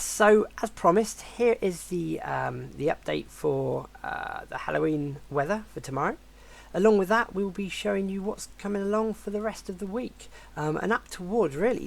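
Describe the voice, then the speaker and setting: Croaky man presenting the weather. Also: on the high side. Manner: hesitant, with frequent fillers and restarts. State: croaky voice from recovering flu. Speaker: weather forecaster. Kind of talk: casual weather forecast presentation.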